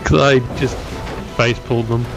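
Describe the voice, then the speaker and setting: A man playing along in an online game, chatting calmly and matter-of-factly. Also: medium pitch, moderate pace, vocal fry, over music. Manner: calm and matter-of-fact. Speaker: co-player. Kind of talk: casual chat while gaming.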